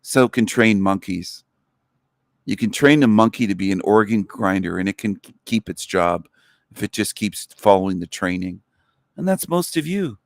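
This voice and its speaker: A man's voice: lowish voice, lively intonation, moderate pace, gravelly, dry recording, studio quality. A man hosting a livestream, delivering a contemptuous, mocking rant to his viewers. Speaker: livestream host. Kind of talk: ranting livestream monologue.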